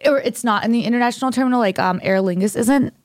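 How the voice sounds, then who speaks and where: A woman's voice: on the high side, fast talker, dry recording, clean studio sound. A young woman co-hosting a podcast, rambling through a story in a dramatic, casual way. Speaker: podcast co-host. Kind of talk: casual chat.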